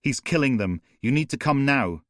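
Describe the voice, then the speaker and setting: A man's voice: on the low side, normal speed, darkish tone, no room sound, clean studio sound, lightly acted. A man voicing a frantic young woman on an emergency call, pleading and breathless. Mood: panicked.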